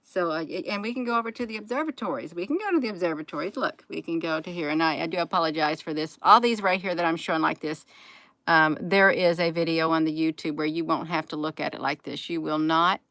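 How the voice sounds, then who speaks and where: A woman's voice: deep voice, fast talker, fairly bright tone, no room sound, rough recording. A tired woman hosting a late-night livestream, folksy, repeating her phrases and calling viewers "you all". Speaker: channel host.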